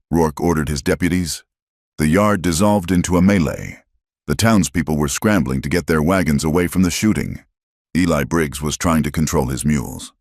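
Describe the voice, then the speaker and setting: A man's voice: low-pitched, dry recording, clean studio sound. A man giving dramatic scripted narration of a story.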